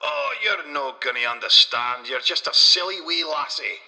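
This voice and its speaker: A man's voice: fairly high pitch, sing-song, moderate pace, vocal fry, bright, forceful tone, big-room sound, pitched above the performer's own voice, exaggerated voice, low-quality recording. A man voicing a crude, boastful Scottish male inventor, swaggering and vulgar in broad dialect.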